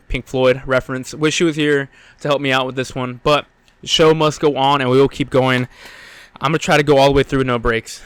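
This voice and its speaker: A man's voice: medium pitch, clear, resonant tone, dry recording. A young man hosting a solo sports podcast, out of breath, rambling with lots of fillers and blunt, profane opinions. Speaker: podcast host.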